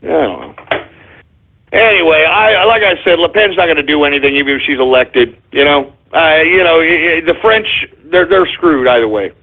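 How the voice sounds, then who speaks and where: A combative male talk radio host delivers a profane, sarcastic political rant. His voice sits high for a man. The audio is narrow and phone-like, as if it came down a telephone line. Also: expressive, moderate pace.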